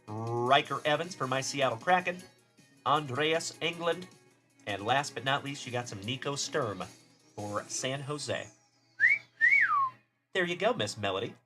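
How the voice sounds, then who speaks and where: A man's voice: mid-range voice, expressive, unhurried, long pauses, over music. A man from Texas hosting a live card-opening stream, chatting casually and cheerfully calling out viewers by name. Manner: upbeat, shouting out chat viewers by name. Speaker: card-breaking livestream host.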